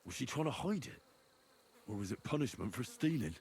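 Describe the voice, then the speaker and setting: A man's voice: mid-range voice, big pitch swings, brisk, a little mellow, a little hiss or hum. A man voicing a young medieval investigator in a video game, thinking aloud in a grim, wondering way. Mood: puzzled. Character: young male medieval investigator examining a body.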